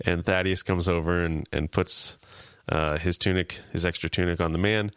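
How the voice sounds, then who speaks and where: Low-voiced man recapping a show. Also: fairly even intonation, moderate pace, a bit bright, smooth, no room sound, clean studio sound. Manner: retelling scenes, acting out lines lightly. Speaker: podcast co-host. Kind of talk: casual episode recap.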